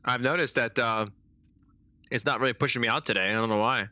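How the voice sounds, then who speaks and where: Chatty guy streaming live gameplay, bright voice, dry close sound. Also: mid-range voice, fairly quick, no room sound. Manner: chatty, easily surprised, talks to chat.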